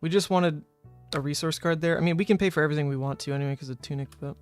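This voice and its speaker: Racing along in a fairly high, clear, resonant voice, a young New Orleans man chats casually with viewers while streaming a card game and reasoning out his plays aloud. Soft music sits in the background of this live-stream commentary from Louisiana, USA.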